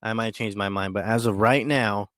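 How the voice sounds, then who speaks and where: A man's voice: lowish voice, steady tone, moderate pace, a bit bright, dry recording, studio quality. A man hosting a podcast alone, talking casually in a rambling way with many fillers and restarts. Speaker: podcast host. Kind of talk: casual solo monologue.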